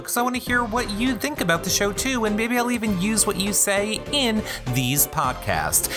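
A man hosting a podcast, reading blog posts aloud and breaking in with sarcastic, snarky asides. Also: medium pitch. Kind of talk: podcast recap reading with commentary.

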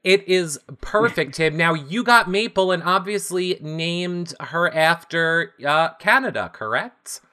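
Male show host, bouncy and animated, bright voice, teasing and playful. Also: on the high side, takes it slowly, hardly any pauses, clean tone. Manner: playful, excitable. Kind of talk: casual interview hosting.

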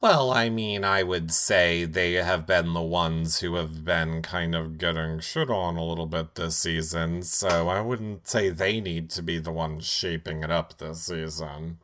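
A man's voice: low-pitched, fairly even intonation, unhurried, hardly any pauses, fairly bright tone. A man co-hosting a podcast, chatting casually and gossipily, retelling events with lots of filler words. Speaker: podcast co-host. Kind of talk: casual recap chat.

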